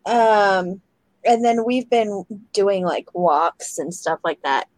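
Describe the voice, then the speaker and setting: A woman's voice: medium pitch, slow, no echo, low-quality recording. A mother chatting casually on a talk show, easygoing with hesitant ums. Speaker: co-host, a mother. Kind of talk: casual chat.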